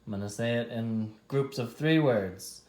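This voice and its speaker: A man teaching a class, dictating a spelling test slowly and deliberately, stretching out each test word. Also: medium pitch, darkish tone, reverberant.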